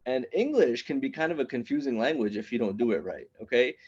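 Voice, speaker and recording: At a small online open mic, a thirtysomething comic rambles through his set, interrupting himself and starting sentences over. He talks quickly in a husky, darkish, medium-pitched voice that's expressive, and the audio's highs are cut off.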